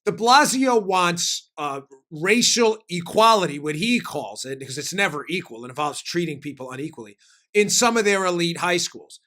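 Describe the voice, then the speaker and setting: A man hosting a political show throws out emphatic, punchy lines. His voice sits high for a man. It has a bright, forceful edge. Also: expressive. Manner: emphatic, fast-shifting, punchy delivery. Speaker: host. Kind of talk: political talk show commentary.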